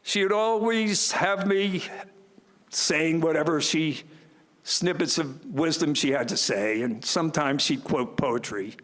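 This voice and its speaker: A man's voice: a little high, measured pace, fairly bright tone. Older man telling folksy stories in a hall. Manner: folksy storytelling with self-deprecating humor. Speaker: student commencement speaker. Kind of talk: commencement speech. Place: large ceremony hall. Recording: long reverb of a large hall.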